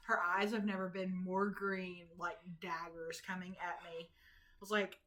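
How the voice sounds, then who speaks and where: A woman's voice: lowish voice, flat delivery, measured pace, a bit bright. A woman co-hosting a podcast in casual chat, adding dry, teasing asides. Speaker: podcast co-host.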